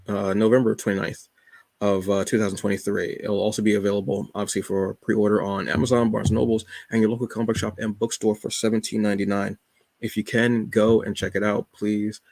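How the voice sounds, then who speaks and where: A man's voice: on the low side, gravelly, darkish tone, dry recording. A man hosting a solo comics show, rambling enthusiastically with many fillers. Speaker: podcast host reviewing comics. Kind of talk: casual solo chat.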